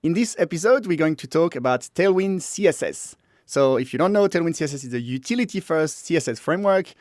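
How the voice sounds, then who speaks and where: Australian man, podcast co-host, slightly raised pitch, dry sound, relaxed explaining. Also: dry recording. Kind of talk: casual podcast chat.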